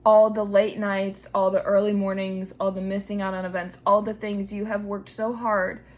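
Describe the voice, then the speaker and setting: A young woman with a drawl talks through her week on her own podcast. She chats freely and openly, full of "like" and "um". Her pitch sits in an ordinary middle range. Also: little pitch movement, moderate pace, darkish tone. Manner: chatty, emotional, lots of fillers. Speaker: podcast host. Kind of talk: casual solo podcast.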